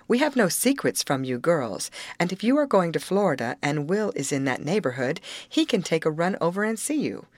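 A stern yet fond father muses over a letter in a storybook, voiced by a woman narrator. The voice sits low with lively pitch movement, recorded close and dry. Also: dry recording. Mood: measured. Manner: measured, musing, dryly humorous. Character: stern but fond middle-aged father.

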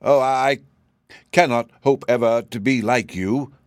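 A man's voice: medium pitch, animated, normal speed, dry recording, studio quality, lightly acted. A man voicing a living wooden sawhorse, earnest and simple, sometimes hesitant. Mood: meek. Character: wooden male sawhorse, proud yet meek.

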